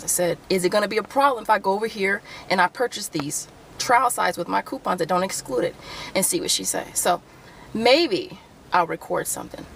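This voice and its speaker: Here the same fuming couponing storytime continues: a woman in a parked car rants to her camera, cursing and performing both sides of the dispute. Her medium-pitched voice is fairly bright, captured roughly with a bit of background noise.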